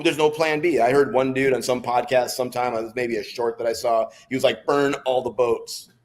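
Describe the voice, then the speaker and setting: American man telling old service stories. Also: medium pitch. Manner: relaxed, rambling storyteller with restarts. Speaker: guest, former Navy SEAL. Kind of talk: storytelling in a podcast interview.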